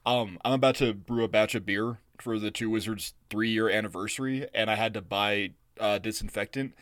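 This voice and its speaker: A man co-hosting a podcast in casual chat, loud, profane and teasing, laughing a lot. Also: fairly low pitch, fairly even intonation, normal speed, no echo, clean studio sound. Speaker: podcast co-host.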